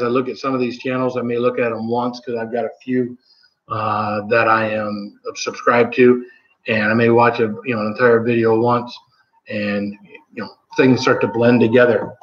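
A man from Michigan, USA, hosts a casual live stream at home, rambling with many ums and self-corrections. His pitch is medium, and the home audio is roomy and slightly dull.

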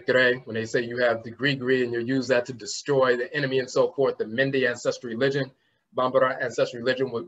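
A man with a mid-range, fairly bright voice gives a conference lecture on word roots, spelling terms out letter by letter and often trailing off with "and so forth." The recording is lo-fi and slightly muffled.

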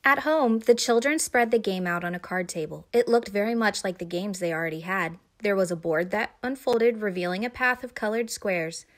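A young adult woman reads a children's story aloud with expressive, animated narration. Her voice sits at a middle pitch. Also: moderate pace, few pauses.

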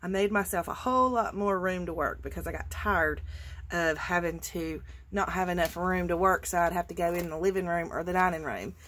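Hosting a relaxed craft vlog, a Georgia woman with a fairly low, slightly bright voice speaks briskly and gushes over what she shows, occasionally hushing to almost a whisper. There's a little hiss or hum in the audio.

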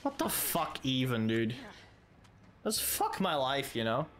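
A man's voice: mid-range voice, huge pitch swings, slow pace, background noise. A man commentating a game as he plays, swearing and exasperated, taunting the enemies on screen. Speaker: let's play gamer. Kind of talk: casual gameplay commentary.

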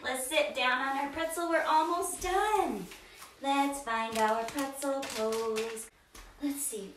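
Slow, sing-song woman reading to kids. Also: high-pitched, expressive, a little hiss or hum. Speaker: kids yoga teacher. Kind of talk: children's storytime read-aloud with movement. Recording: roomy, distant from mic.

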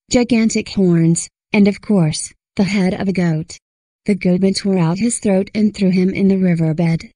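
A woman narrating a scripted horror story in a steady storyteller's reading. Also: medium pitch, dry recording, low-quality recording.

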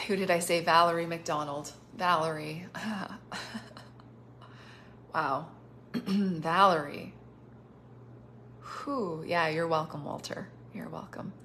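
A woman with a low, creaky, fairly bright voice offers spontaneous prophetic words to people on a live stream, coughing and on cough syrup. She's effusive and chatty, laughing often and saying "like" a lot, with slight background noise.

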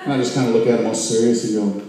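A man's voice: medium pitch, fairly even intonation, racing, dark tone. A man doing rowdy, profane stand-up comedy on a bar stage. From Oklahoma, US. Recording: echoey club from far off.

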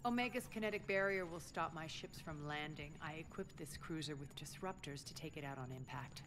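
A woman's voice: low-pitched, fairly quick, background noise, close to an everyday voice. An actress playing a tough, commanding woman leading a rebel fleet in a video game. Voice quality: firm, commanding. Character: tough female rebel leader, bold.

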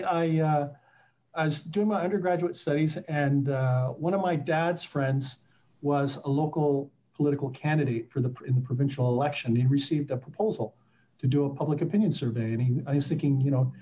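Animated storytelling man, mellow voice. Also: fairly high pitch, moderate pace, lo-fi sound. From Canada. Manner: animated, acts out quoted voices. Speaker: guest. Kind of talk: casual interview storytelling.

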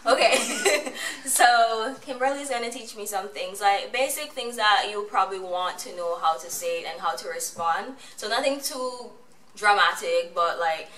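A woman's voice: mid-range voice, a little slow, fairly bright tone. A young woman hosting a vlog in casual, playful chat, laughing often. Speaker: vlog host. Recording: echoey room, voice from a distance, faint noise.

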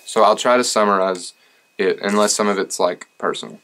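A man's voice: lowish voice, a little fast, fairly bright tone, rough recording. A young man chatting casually and joking at his own expense as he opens fan mail. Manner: joking and self-deprecating. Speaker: singer and vlogger.

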